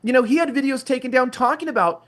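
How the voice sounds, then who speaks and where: A man's voice: extremely high pitch, fast talker, fairly bright tone. A man, a guest on a podcast, talking indignantly in casual chat. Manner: indignant, ranting.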